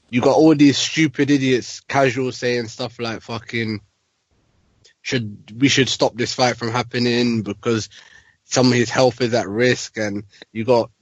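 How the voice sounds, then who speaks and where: A man rants irritably in a casual chat, swearing freely. His voice sits at a middling pitch and sounds dull and dry, as if recorded on a low-grade mic. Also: no echo. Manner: annoyed, ranting, profane. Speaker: podcast co-host.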